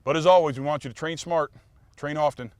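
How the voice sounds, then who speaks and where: Fast-talking male show host, dry sound. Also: fairly high pitch, fairly even intonation, a little mellow, smooth, no echo. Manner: upbeat, quick presenting. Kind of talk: show wrap-up.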